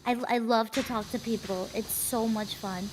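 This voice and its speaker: A woman guest streamer chatting casually on a collab stream, soft-spoken and trailing off, with many fillers. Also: fairly high pitch, steady tone, normal speed, background noise.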